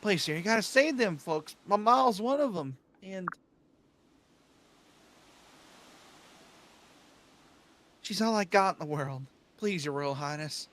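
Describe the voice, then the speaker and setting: A man voicing a timid young village lad who pleads and bows to his lord, with a slow, folksy put-on accent, dubbing a game cutscene. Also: sits high, animated, fairly bright tone, pitched above the performer's own voice. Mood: pleading.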